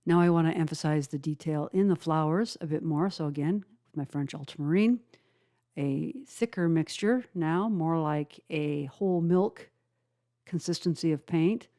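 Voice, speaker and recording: Female art instructor, low and mellow, calm step-by-step tutorial narration with filler pauses. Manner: unhurried, explains each step, frequent "uh" pauses. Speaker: watercolor instructor.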